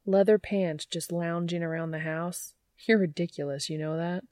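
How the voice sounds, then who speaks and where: A woman's voice: fairly low pitch, fairly even intonation, normal speed, a little mellow, dry recording, clean studio sound, lightly acted. Woman reading as an eager, teasing man. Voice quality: casual and teasing. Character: eager, joking adult man. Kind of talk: audiobook character reading.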